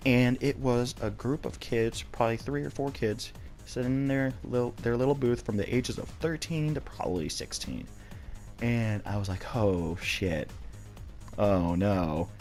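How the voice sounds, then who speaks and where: A man's voice: mid-range voice, normal speed, a little mellow, faint music behind. A young man casually telling a personal story, rambling with many restarts and some swearing.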